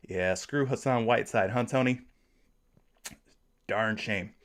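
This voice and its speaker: A man's voice: on the low side, unhurried, long pauses. A man in his thirties from Florida, hosting a casual sports betting livestream and chatting through viewer comments. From Florida, USA. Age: 30s. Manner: reads viewer comments aloud, friendly and chatty.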